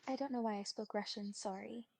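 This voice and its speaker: A woman giving calm, polite, reassuring replies in an even chatbot voice. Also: medium pitch, fairly quick, gravelly, husky, no room sound.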